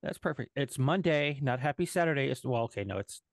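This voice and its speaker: A man co-hosting a podcast live, talking casually with many halting restarts and fillers. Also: medium pitch, expressive, no echo, clean studio sound. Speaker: podcast co-host and editor. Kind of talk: casual live-stream chat.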